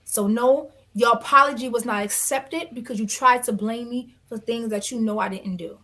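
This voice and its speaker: High-voiced woman telling a heated story. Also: normal speed, sharp tone. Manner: acts out other people's quotes with shifting voices. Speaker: reality show cast member, guest. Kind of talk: animated storytelling in an interview.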